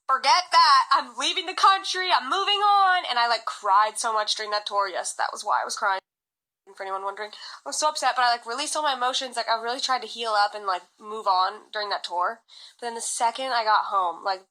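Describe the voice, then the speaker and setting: A young woman from California telling a personal story in a chatty way, full of fillers and lively quoted lines. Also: on the high side, low-quality recording. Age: young adult. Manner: chatty, many fillers, animated quoting. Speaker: singer vlogging. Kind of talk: casual storytelling to phone.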